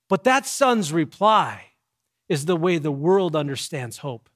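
High-voiced man preaching a sermon. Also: expressive. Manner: emphatic preaching with dramatic pauses, drops to quiet low emphasis. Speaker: pastor.

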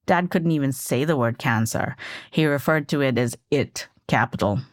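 A woman's voice: rumbling low, moderate pace, dry recording, studio quality. A woman in her forties narrating her family's story as a podcast host, candid and reflective.

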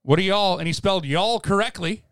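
A man's voice: high voice, a little fast, a bit bright, no room sound, clean studio sound. A man co-hosting a casual hockey podcast, joking and laughing often. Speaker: podcast co-host.

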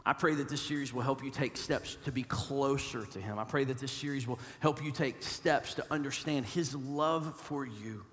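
Pastor, male, fairly high voice, earnest sermon delivery with echoing hall reverb. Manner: earnest, repeats words, swings from loud pleading to hushed.

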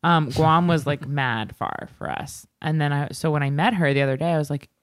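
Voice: medium pitch, no echo. Wry co-host. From Long Island, New York. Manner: wry, quick reactions. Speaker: podcast co-host. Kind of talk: casual chat.

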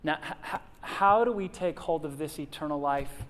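A man's voice: fairly high pitch, normal speed, fairly bright tone, faint music behind. A man preaching a sermon as a pastor, earnest, posing questions to the congregation and answering them himself. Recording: long reverb of a large hall.

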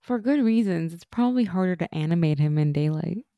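A woman's voice: lowish voice, animated, brisk, warm tone, no room sound. A woman co-hosting a podcast, chatting casually and laughing often as she recaps a TV episode. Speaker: podcast co-host.

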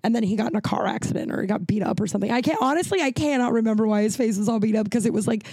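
A woman's voice: on the high side, rapid-fire, dark tone, dry recording. A woman in her forties hosting a podcast, telling stories in a casual, chatty way full of "like". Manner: chatty, peppered with "like". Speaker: podcast host. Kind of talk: casual storytelling.

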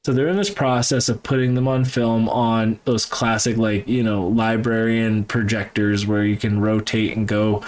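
A man's voice: mid-range voice, normal speed, hardly any pauses. A man from New Hampshire chatting casually on a podcast, profane and rambling as he tells stories. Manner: profane, rambling, animated storytelling. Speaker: podcast guest, gun business owner. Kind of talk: casual chat.

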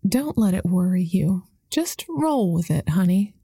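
A woman voicing a kind, calm older homeless woman who speaks soothingly. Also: on the low side, a little slow, slightly rough, dry recording, studio quality, exaggerated voice. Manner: soothing, gentle, calls others honey.

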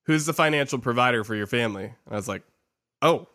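A man in casual chat, telling a story in an animated way with laughter. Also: medium pitch, fast, no echo, studio quality.

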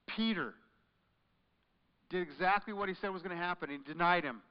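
A man preaching a sermon as pastor, swinging between hushed, quiet passages and loud, forceful ones. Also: high-pitched, unhurried, clear, resonant tone. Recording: muffled recording in a large echoing hall.

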